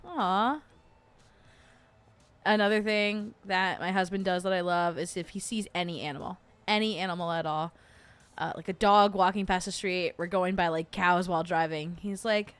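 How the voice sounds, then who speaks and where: A woman's voice: on the low side, steady tone, moderate pace, clean tone. A young adult woman hosting a casual livestream, rambling with lots of fillers and frequent giggles. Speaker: host.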